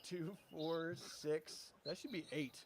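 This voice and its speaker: A man's voice: a little high, steady tone, slow, noisy background. A man running a tabletop game as game master, explaining rules and narrating the action.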